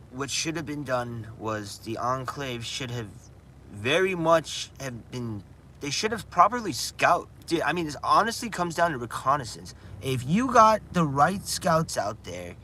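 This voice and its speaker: A man's voice: medium pitch, a bit bright, a little hiss or hum. Rambling, chatty man outdoors. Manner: chatty, says "dude" a lot, rambling. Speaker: gaming livestreamer. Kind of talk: casual livestream chat.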